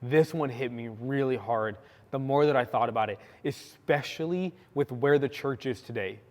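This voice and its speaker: A young man from California preaching a sermon, telling a story with lively acted-out quotes. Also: mid-range voice, moderate pace. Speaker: pastor. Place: church sanctuary. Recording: long church hall reverb.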